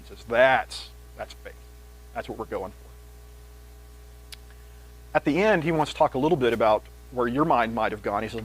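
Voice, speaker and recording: A man preaching a sermon in a conversational, animated way, reading scripture aloud with rising pitch and volume. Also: slightly rough, rough recording.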